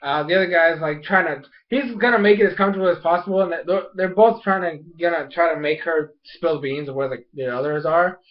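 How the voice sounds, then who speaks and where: Young guy, high voice, rambly excitable recap on a dull lo-fi recording; casual and filler-heavy. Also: brisk, hardly any pauses. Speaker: TV episode reviewer.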